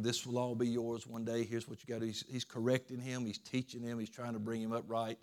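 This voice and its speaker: A man preacher giving an informal sermon in a church, telling a story in a conversational way, with frequent restarts. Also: mid-range voice.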